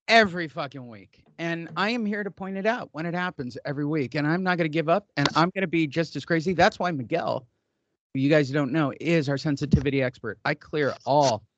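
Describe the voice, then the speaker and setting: Brash male podcast host, crude joking banter, slightly high voice, dry close mic. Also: a little fast, dry recording, muffled recording. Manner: loose, profane, joking rants. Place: studio desk.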